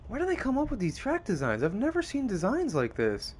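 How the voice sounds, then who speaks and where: A young man giving casual, profane live commentary on a racing game, excitable and often laughing. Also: high voice, brisk, a little hiss or hum. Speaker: streamer.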